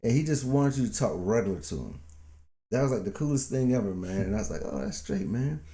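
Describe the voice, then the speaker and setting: A man's voice: mid-range voice, animated, fast talker, mellow. A man in his fifties, a podcast co-host telling a story in a laid-back, chuckling way. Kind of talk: casual storytelling chat.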